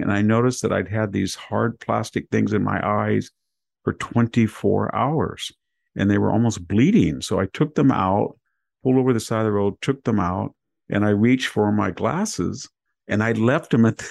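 Low gravelly man telling anecdotes. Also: moderate pace, a little mellow, no echo. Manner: rambling personal anecdotes, conversational. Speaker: podcast host. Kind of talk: casual news roundup chat.

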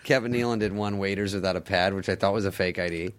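A man telling stories in casual chat as a podcast guest, acting out other people's lines with lively changes of voice. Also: sits low, quick pace, crowd noise. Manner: animated storyteller, acts out other people's lines. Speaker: podcast guest, former sketch comedy cast member.

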